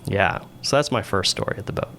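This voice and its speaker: A man with a very low, gravelly voice tells a story in a relaxed, rambling way. He is a naval aviator guesting on a podcast and keeps checking in with "right?". A faint hiss sits under the voice. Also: brisk. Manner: rambling, conversational, frequent "right?" tags. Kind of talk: casual storytelling interview.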